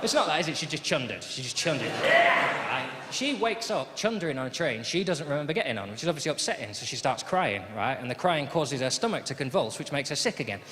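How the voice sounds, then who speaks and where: Sardonic comedian in an echoing hall. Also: male voice, fairly high pitch, big pitch swings, fairly quick, few pauses. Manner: sardonic, grumbling, storytelling. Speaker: stand-up comedian and host. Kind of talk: live stand-up routine. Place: large theatre stage with live audience. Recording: echoey hall, loud audience laughter.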